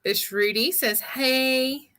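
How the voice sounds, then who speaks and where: A woman's voice: high voice, slow pace, crowd noise. A woman co-hosting a livestream, laughing often as she reads out viewer comments. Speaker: co-host reading comments. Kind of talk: casual livestream chat.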